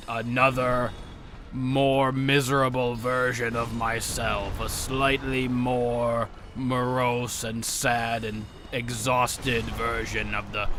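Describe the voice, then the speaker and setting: A man's voice: medium pitch, noisy background, lightly acted. A man voicing an ancient, weary evil spook who groans profane, self-pitying complaints over video game play. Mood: morose. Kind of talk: in-character commentary over video games.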